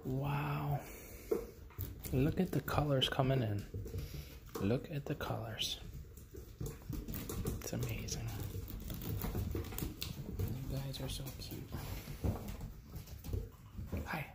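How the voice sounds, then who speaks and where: A man talking softly in doting baby talk to a litter of puppies at home. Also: medium pitch, fairly even intonation, takes it slowly, vocal fry, pauses often. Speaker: puppy breeder. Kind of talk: cooing at puppies. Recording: noisy home recording.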